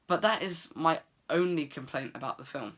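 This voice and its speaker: A man's voice: on the high side, normal speed, fairly bright tone. A man giving a casual, enthusiastic film review to camera, with frequent fillers and restarts.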